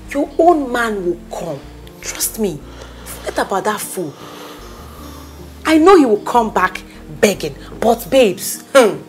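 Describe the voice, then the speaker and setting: An actress playing a loyal, bossy best friend with a Nigerian accent in a film drama, talking insistently and repeating herself. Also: female voice, medium pitch. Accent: Nigerian, with Pidgin English. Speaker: consoling friend.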